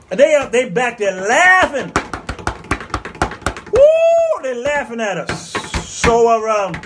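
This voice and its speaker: A man hosting his own show, with a very high voice for a man. He tells comic stories in an animated way, throwing in character voices and sound effects. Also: a little hiss or hum. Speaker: show host. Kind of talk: comedic commentary monologue.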